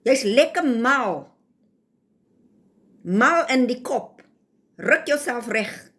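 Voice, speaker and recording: A woman's voice: on the high side, animated, drawn-out words, pauses often, fairly bright tone. A woman with a South African accent, ranting and lecturing in a scolding, rhetorical way in a casual vlog. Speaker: vlogger. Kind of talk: casual rant to camera.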